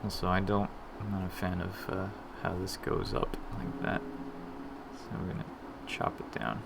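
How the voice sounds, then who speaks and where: A man's voice: low-pitched, flat delivery, moderate pace, creaky, very noisy. A man casually chatting on a live dev stream, self-deprecating and muttering to himself as he works. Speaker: game developer streaming his work.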